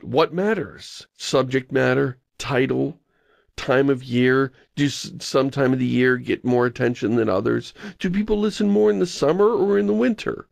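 Gravelly-voiced man in wry casual chat. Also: mid-range voice, normal speed, dry recording. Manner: rambling, wry, exasperated. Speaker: podcast co-host.

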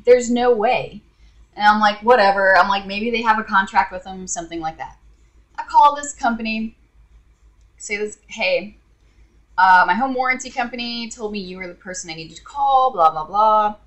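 A woman's voice: medium pitch, moderate pace, a bit bright. A woman vlogger telling an exasperated, sarcastic story to her viewers in a casual rant. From Indiana.

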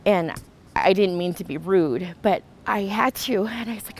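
A woman's voice: mid-range voice, normal speed, poor audio. A woman sharing an emotional personal testimony, earnest and full of restarts and fillers. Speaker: retreat participant sharing a testimony.

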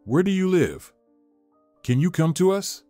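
A man's voice: high-pitched, big pitch swings, unhurried, mellow, dry recording, faint music behind, voice pushed up. Courteous businesslike woman on the phone, read by a man. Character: woman phoning from a fancy household.

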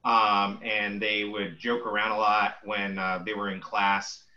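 A man's voice: on the low side, little pitch movement, measured pace. A man hosting an interview, a martial arts teacher himself, talking hesitantly with many fillers. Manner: hesitant, filler-heavy speech. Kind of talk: casual interview chat. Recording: lo-fi dull sound.

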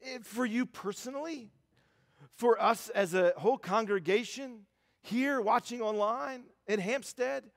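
A man's voice: extremely high pitch, unhurried, creaky, big-room sound. A man preaching a sermon as pastor, conversational and self-deprecating, with lots of fillers and restarts. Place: church sanctuary.

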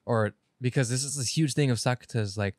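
A man's voice: medium pitch, brisk, no echo, clean studio sound. A man co-hosting a podcast in casual chat, rambling through an anime plot, correcting himself and swearing casually. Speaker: podcast co-host.

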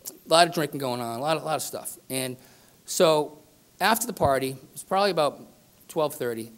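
A man's voice: medium pitch, a bit bright. A middle-aged man telling a rambling, self-deprecating story to a live audience, peppering it with "right?" and "you know". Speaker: business speaker. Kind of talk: storytelling keynote speech. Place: conference room with live audience.

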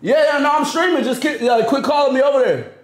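A young man streaming with friends, loud and joking, cursing freely in casual banter. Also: very high voice, quick pace, reverberant, a little hiss or hum. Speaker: streamer, group member.

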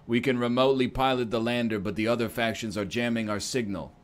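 An actor as a grave game narrator. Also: male voice, medium pitch, steady tone, close to an everyday voice. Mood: solemn. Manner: solemn, measured. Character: grave male narrator of a game's doomsday intro.

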